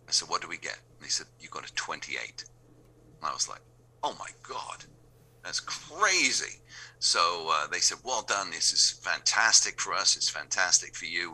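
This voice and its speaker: A man's voice: a bass voice, pushed and bright, a little hiss or hum. A man with an English accent, a radio DJ telling anecdotes and acting out the dialogue of the people in them. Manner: acts out remembered dialogue in quoted voices. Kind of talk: anecdotal storytelling.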